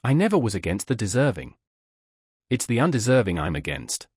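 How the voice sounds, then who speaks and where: A man voicing a rich, cunning old man who talks in a soft, falsely humble tone. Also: fairly low pitch, big pitch swings, brisk, breathy edge, no room sound, clean studio sound. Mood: sly.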